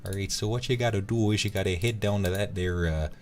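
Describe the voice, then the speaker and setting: A man doing a folksy Minnesotan accent, giving drawn-out directions. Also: lowish voice, slight background noise, voice pushed up, lightly acted. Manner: folksy, drawn-out filler words.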